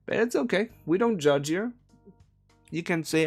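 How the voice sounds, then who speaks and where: A man from Hong Kong chats his way through a live translation stream, rambling and correcting himself as he goes. His pitch swings in a lively, animated way, and he chuckles often. Soft guitar music plays faintly behind him. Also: unhurried, gravelly. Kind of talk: casual live-stream chat.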